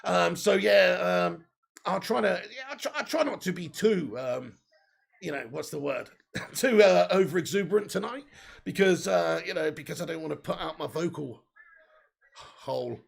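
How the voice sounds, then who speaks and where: Man, sore throat, raspy, excitable watch-along host. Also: high-pitched, moderate pace. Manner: excitable, swears, bursts into cheers. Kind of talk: live watch-along chat reading comments.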